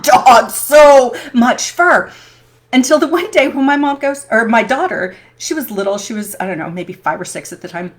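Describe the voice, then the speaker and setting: A woman vlogger telling personal stories in a chatty, animated way, laughing often. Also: fairly high pitch. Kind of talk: personal storytelling vlog.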